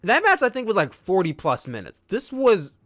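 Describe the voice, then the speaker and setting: A man reviewing a wrestling match on his own channel, talking loosely and enthusiastically, piling up praise and tripping over his words. His voice sits a little high for a man. The recording is close and dry, with no room sound. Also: normal speed, no echo. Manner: enthusiastic, rambling, excitable outbursts. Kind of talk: casual solo review.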